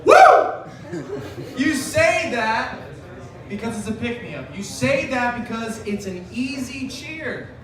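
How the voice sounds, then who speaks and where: A man's voice: extremely high pitch, sing-song, slow. A man in his twenties performing a loose, rambling, profane stand-up set on a bar stage. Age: 20s. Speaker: stand-up comedian. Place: bar stage before a live audience. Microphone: camera far from the stage. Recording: roomy, distant bar recording with crowd.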